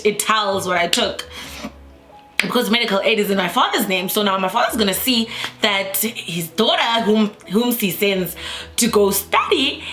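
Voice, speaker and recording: A young South African woman tells a story to her camera in a bright, ringing voice. She talks in an animated, repetitive way and acts out her own frantic quotes. The room around her is echoey. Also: mid-range voice. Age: young adult. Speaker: YouTuber. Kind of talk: storytime vlog.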